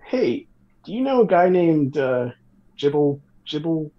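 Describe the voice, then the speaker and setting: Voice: mid-range voice, big pitch swings, unhurried, highs cut off. A player in a tabletop game, talking hesitantly with many fillers. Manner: hesitant, filler-heavy questions. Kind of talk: casual tabletop play.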